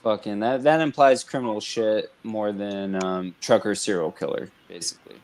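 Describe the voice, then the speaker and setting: A man's voice: on the low side, fairly even intonation, moderate pace, darkish tone, slight background noise. A man in casual conversation, speaking loosely with profane slang and calling people "dude". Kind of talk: casual chat.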